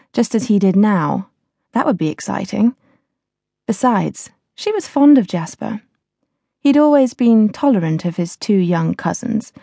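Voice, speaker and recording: A woman narrating a novel as an audiobook reader, in a measured, even storytelling manner. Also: mid-range voice, creaky, dry recording.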